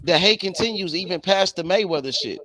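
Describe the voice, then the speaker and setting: A man's voice: high-pitched, lively intonation, fairly quick, a crowd in the background. A man in casual chat, emphatic, slangy and profane.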